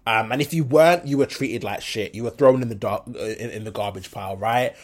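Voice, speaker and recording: A young man hosting a solo podcast, his accent shifting between Birmingham and London. He talks frankly and rambles, with lots of fillers and false starts, at an ordinary mid pitch for a man. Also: a little fast. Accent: switches between Birmingham and London. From English Midlands. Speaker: podcast host. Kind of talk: solo opinion monologue.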